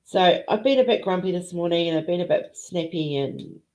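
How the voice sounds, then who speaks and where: A woman's voice: lowish voice, moderate pace, darkish tone. A woman hosting a casual live chat with viewers, emotional and teary, greeting people by name. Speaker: livestream host. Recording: dull lo-fi stream audio.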